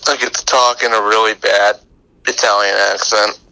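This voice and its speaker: A man's voice: lowish voice, little pitch movement, bright, forceful tone, poor audio. A man answering interview questions in a casual, joking way, hesitating before his answers. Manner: hesitant, jokey, drawn-out answers. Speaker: interview guest, fan voice actor. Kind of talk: casual chat.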